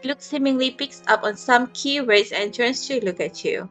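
Soft-spoken woman reading a story. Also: a little high, moderate pace, faint music behind. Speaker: narrator and reader of the heroine's lines. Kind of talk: calm second-person story narration.

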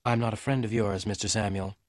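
In a clean studio recording with no room sound, a man with a medium-pitched, fairly everyday voice reads an audiobook for English learners at a moderate pace. He voices a young blonde woman, a sharp and cold client, who addresses a hired detective in a curt, icy manner.

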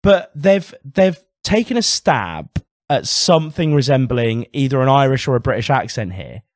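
A man co-hosting a casual podcast, ranting with a sharp, literary edge and plenty of swearing. His voice sits at an ordinary middle pitch, and the close mic gives a dry sound with no room around it. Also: very animated, moderate pace, no echo. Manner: heated ranting with frequent swearing; articulate, literary turns of phrase. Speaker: podcast co-host.

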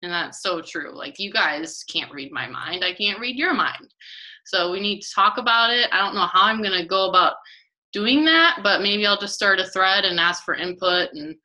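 Casting: woman team leader, bright clear tone, loose rambling delivery. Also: mid-range voice, lively intonation, normal speed, poor audio. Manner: rambling, many you-knows and restarts. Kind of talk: casual team call talk.

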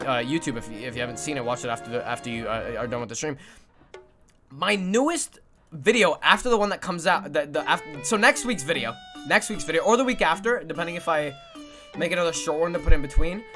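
Young-sounding streamer man from Canada, sleep-deprived and excitable, tense and bright in tone, a bit high-pitched, faint music behind. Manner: excitable and swearing, with sudden yelps. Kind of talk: livestream chat reading viewer messages.

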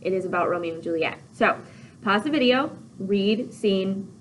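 A woman teacher giving a casual, chatty video lesson, animated, with lots of "like" and "okay?". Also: medium pitch, moderate pace, slight background noise, low-quality recording.

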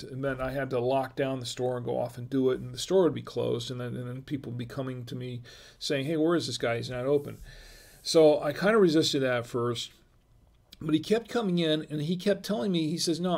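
A middle-aged man with a gravelly, fry-edged voice hosts a casual wine livestream. His pitch sits in an ordinary middle range. He rambles through stories with frequent fillers and false starts, pausing to read viewer comments aloud. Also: darkish tone. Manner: rambling, many restarts and fillers; reads viewer chat aloud. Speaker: livestream wine show host.

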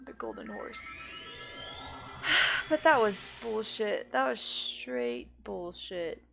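A woman's voice: medium pitch, animated, slow pace, vocal fry, long pauses. A woman streaming a game, swearing often and ranting about the game. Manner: swears a lot, frustrated ranting. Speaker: let's play gamer. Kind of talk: casual game commentary. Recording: loud game music underneath.

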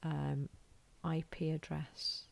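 A woman's voice: low-pitched, flat delivery, slow, creaky. A woman with a British accent giving a recorded lecture, informal and self-deprecating, thinking aloud as she draws on a board. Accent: British English. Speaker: college lecturer.

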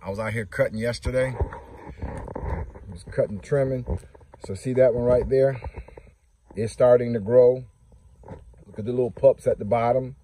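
A man's voice: medium pitch, steady tone, normal speed, pauses often, mellow, a little hiss or hum. A man giving a casual, chatty walking tour of his garden plants outdoors, talking straight to his viewers. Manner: chatty, talks to viewers and scolds his ducks. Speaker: homestead vlogger. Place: outdoors in a yard.

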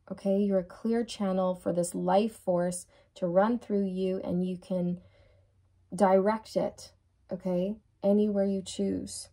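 A woman's voice: mid-range voice, dark tone. A woman giving a channeled tarot reading who speaks reassuringly and repeats words for emphasis. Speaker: tarot reader.

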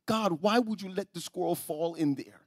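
Male pastor, storytelling sermon, husky tone, stammering repeats, soft-to-loud swings. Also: high voice, moderate pace, no echo, clean studio sound. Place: church sanctuary.

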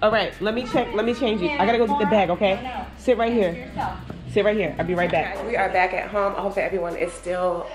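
A woman's voice: mid-range voice, steady tone, fast, music in the background. A young woman, rambling through a casual family vlog, saying y'all a lot. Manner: chatty, rambling, uses y'all. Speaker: family vlogger, mother.

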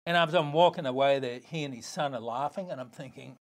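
An older man with an Australian accent, a podcast guest telling a long story in a lively, casual way, acting out other people's lines. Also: mid-range voice, brisk. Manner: animated, swearing, acts out other voices.

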